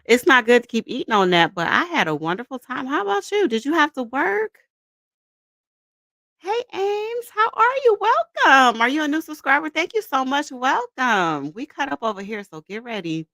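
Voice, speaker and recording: A woman in her thirties chats casually on a livestream, greeting viewers and laughing easily. Her pitch leaps around a lot, and her tone is bright and forceful. She is close on a dry mic. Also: fairly quick, few pauses, no room sound. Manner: animated, greets chat by name, laughs often. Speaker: livestream host.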